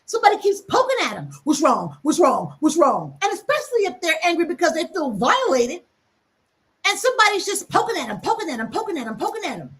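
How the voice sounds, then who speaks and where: A woman hosting a reflective teaching talk, speaking emphatically and acting out quick asides. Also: very high voice, sing-song, a bit bright. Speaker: host.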